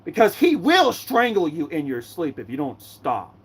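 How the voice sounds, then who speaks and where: A channel host doing a live fan Q&A, ranting excitably about characters with sudden bursts of shouting. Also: medium pitch, moderate pace, a little hiss or hum.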